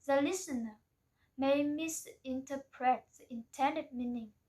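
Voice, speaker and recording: High-voiced woman slowly reading a presentation. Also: dark tone, low-quality recording. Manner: careful, reading aloud from a script. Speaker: student presenter.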